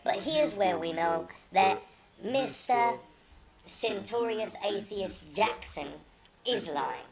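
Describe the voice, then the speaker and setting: Woman vlogger, exasperated and profane, mocking commentary, mid pitch, crowd chatter behind. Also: expressive, takes it slowly. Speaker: channel host. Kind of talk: indignant commentary reading out messages.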